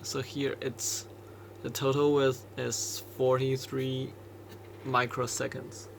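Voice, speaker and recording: A man talks slowly through a coding walkthrough, pausing and restarting as he works things out. His voice is gravelly and flat in pitch, with a faint hiss of noise behind it. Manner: slow, hesitant, thinking aloud with restarts. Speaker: embedded developer explaining code. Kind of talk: screen-recorded coding walkthrough.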